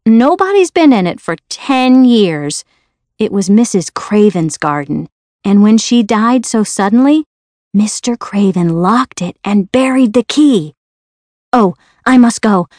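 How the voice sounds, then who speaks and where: A kind young maid with a Yorkshire accent chatters on warmly, as a woman puts her on. The storybook voice sits a little higher than the reader's own. It is heard close and dry, with no room around it. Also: animated, measured pace, no echo, natural voice. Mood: chatty.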